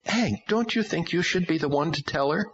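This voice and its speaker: A man's voice: a little high, expressive, normal speed, a bit bright, slightly rough, pitched above the performer's own voice, full character voice. A man reading an audiobook, voicing a tearful woman who hesitantly confesses. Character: anxious grown woman confessing an affair. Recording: dull lo-fi audio.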